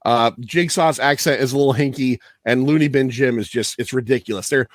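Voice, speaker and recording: A man's voice: mid-range voice, brisk, no echo. Chatty man with a dry close sound. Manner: rambling, profane, laughs often. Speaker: podcast host. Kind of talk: casual podcast chat.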